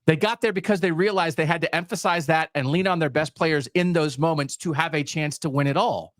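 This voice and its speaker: A man's voice: on the high side, a little fast, no echo. A man co-hosting a sports podcast, making emphatic points in long, piled-up lists. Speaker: podcast co-host.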